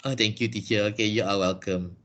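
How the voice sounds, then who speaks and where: A fast-talking man with a lowish, somewhat bright voice and fairly even intonation teaches English online. With a Malaysian accent, he handles class questions over a video call patiently, explaining one step at a time.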